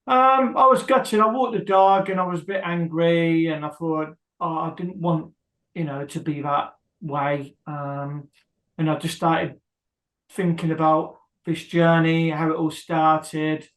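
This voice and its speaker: A man answers interview questions in a higher-than-usual voice, stopping often with ums and losing his thread. His voice has a roomy echo, as if he were speaking from a bare room. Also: fairly even intonation, measured pace, a bit bright. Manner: hesitant, many ums, rambling. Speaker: guest, husband of a prisoner. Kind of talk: emotional interview.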